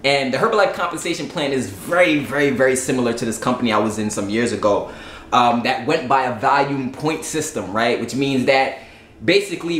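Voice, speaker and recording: A man's voice: mid-range voice, fairly bright tone, slight background noise. Salesy man, casual explainer, roomy echo. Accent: Southern US. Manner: repeats "right?" and "you get what I'm saying", blunt and salesy. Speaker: YouTube host explaining a sales plan.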